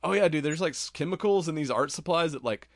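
A man's voice: a little high, fast, no echo, studio quality, pitched above the performer's own voice, close to an everyday voice. A man putting on the voice of a creepily friendly male torture doctor who makes crude, chummy threats. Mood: creepy cheerful.

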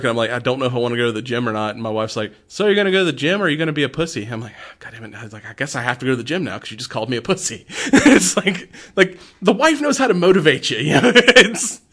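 Man, middle-aged, bright voice, casual chat, laughs a lot, acts out scenes. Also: mid-range voice, lively intonation, quick pace. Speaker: movie podcast co-host.

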